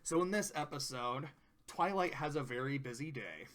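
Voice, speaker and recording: A man's voice: medium pitch, expressive, moderate pace, fairly bright tone. Rambling, laughing guy reviewing cartoons. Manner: rambling, laughing often, swearing. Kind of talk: casual solo review.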